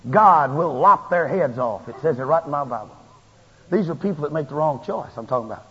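A man preaching a sermon in a folksy, animated way, his emphasis rising and building as he goes. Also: fairly high pitch, brisk, husky. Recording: lo-fi tape with long hall reverb.

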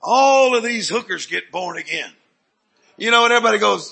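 Gravelly high-pitched preacher. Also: male voice, animated, fairly quick. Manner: dramatic storyteller, sudden swings from hushed to loud. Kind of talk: sermon testimony storytelling.

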